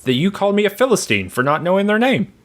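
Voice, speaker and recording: A man's voice: high voice, very animated, fast talker. A man co-hosting a podcast, chatting in a laid-back, teasing way. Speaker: podcast co-host. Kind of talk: casual podcast chat.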